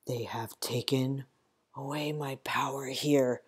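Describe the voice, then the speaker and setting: A woman reading the part of a wounded, feverish army captain who speaks slowly and gravely. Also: a bass voice, fairly even intonation, full character voice. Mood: weary, grave. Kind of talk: audiobook character reading.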